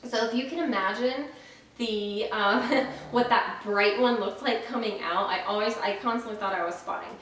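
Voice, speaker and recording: A woman's voice: mid-range voice, normal speed, fairly bright tone, recorded from a distance. A young woman from Florida talking casually about her pregnancy at home, frank and chatty with many ums, her mouth dry and a little short of breath. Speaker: vlogger. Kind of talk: casual pregnancy update vlog. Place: at home, indoors. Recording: very echoey room, faint noise, off-mic.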